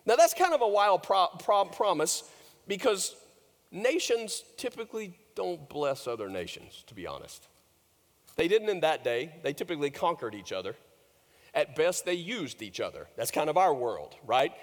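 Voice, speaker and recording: A man preaching a sermon, telling the story with big swings from loud, lifted lines to hushed, low ones. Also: sing-song, normal speed, in a large hall. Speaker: pastor.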